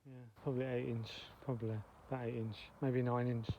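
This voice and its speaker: A man's voice: medium pitch, flat delivery, fairly quick, muffled recording, a little hiss or hum. A man chatting in a rambling, self-interrupting way as he walks up a hill, out of breath. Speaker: vlogger. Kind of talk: rambling personal chat. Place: outdoors, walking up a hill.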